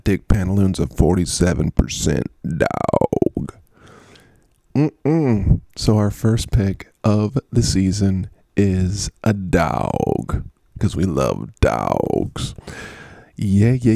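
Male vlogger, low and dark-toned, casual rambling jokey commentary. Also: vocal fry, dry recording, studio quality. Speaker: fantasy football vlogger.

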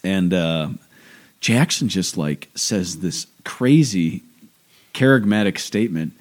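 Animated storytelling man, low voice. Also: takes it slowly. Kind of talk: casual chat.

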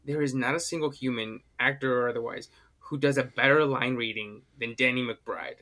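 A man's voice: medium pitch, steady tone, normal speed, bright, forceful tone, a little hiss or hum. A man co-hosting a podcast in casual chat, rambling with restarts and casual swearing. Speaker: podcast co-host.

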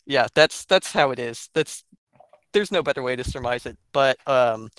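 A man's voice: mid-range voice, normal speed, clear, resonant tone, no room sound. A young man from Georgia with an Atlanta accent, talking bluntly and profanely in casual political podcast chat. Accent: Atlanta Southern US. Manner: blunt, profane, animated storytelling.

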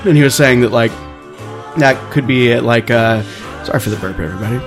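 Halting, frank podcast co-host man. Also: mid-range voice, soft background music. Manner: halting, restarts a lot, swears casually. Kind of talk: casual chat.

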